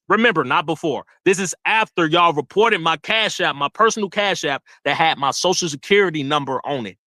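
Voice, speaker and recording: Man, young adult, livestream rant, bright, dry close mic. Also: high-pitched, no echo. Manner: animated, laughing, swearing, repeats himself. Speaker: livestream host.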